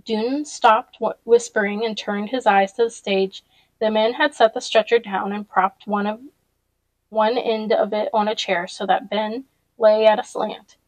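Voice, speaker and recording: A woman's voice: medium pitch, fairly even intonation, a little slow, no room sound, low-quality recording. A woman reading a novel aloud chapter by chapter, with casual personal asides along the way. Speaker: audiobook reader.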